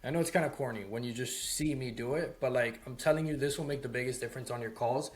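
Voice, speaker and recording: A man's voice: medium pitch, quick pace. Casual young man teaching sales tips. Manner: loose, conversational, heavy on "like" and "right?". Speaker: sales course instructor. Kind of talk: casual talking-head lesson. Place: home office.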